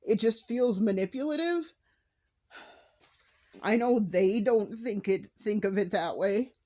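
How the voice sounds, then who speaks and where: A woman's voice: mid-range voice, lively intonation, takes it slowly, warm tone. A young adult woman talking candidly in a personal vlog, emotional, with sighs and restarts. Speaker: vlogger.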